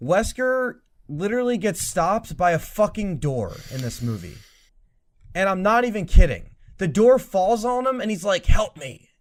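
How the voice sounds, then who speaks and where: A young man co-hosting a casual podcast, with a voice that sits fairly high for a man. He talks in an animated, profane rush, mocking the scenes he retells. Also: moderate pace. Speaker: podcast co-host.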